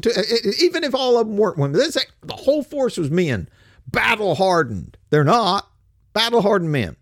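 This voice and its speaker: A man's voice: high-pitched, no room sound, studio quality. An older man hosting a political commentary show, talking in a blunt, coarse and mocking way and laughing often as he makes fun of things. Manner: blunt, coarse street talk. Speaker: host.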